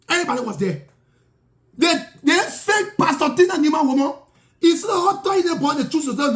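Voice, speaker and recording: A man's voice: very high-pitched, animated, brisk, fairly bright tone. A self-styled prophet, a man, telling his grievances in an indignant, repetitive monologue with broken grammar. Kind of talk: impassioned spoken monologue.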